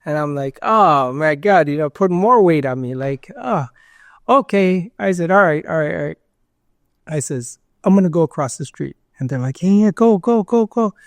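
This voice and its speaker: A man's voice: a little high, animated, normal speed, no echo. A man being interviewed, telling a story casually in a rambling way, with lots of fillers and acted-out quotes. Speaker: interview guest.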